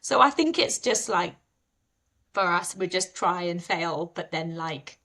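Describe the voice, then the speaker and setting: Brief: woman, podcast guest, animated candid storytelling, lower pitch. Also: measured pace. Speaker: mother of two. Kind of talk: casual podcast chat.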